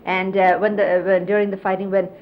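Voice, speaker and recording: A middle-aged woman, a disciple recalling her spiritual teacher, tells her story casually at a fast clip, her medium-pitched voice holding a level tone. She explains hand gestures and leans on frequent fillers. The audio is dull 1970s videotape with faint hiss.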